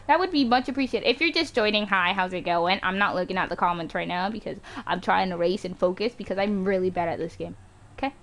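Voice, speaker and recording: A woman streaming a racing game live, reacting excitedly, yelping and groaning as she races, on a home mic with some static. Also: medium pitch, fairly quick. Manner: excitable, yelps and groans at the race. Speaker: gaming streamer. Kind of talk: live gameplay commentary.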